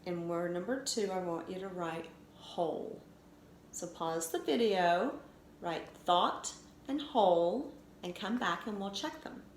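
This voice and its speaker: A woman teacher giving a recorded phonics lesson for children, sounding out letters slowly and clearly. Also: on the low side, animated. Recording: echoey room with faint noise.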